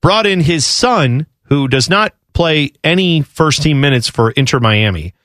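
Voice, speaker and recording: A man hosting casual sports talk who rants with an animated delivery and frequent restarts. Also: a little high, measured pace, dry recording, studio quality. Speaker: sports radio host.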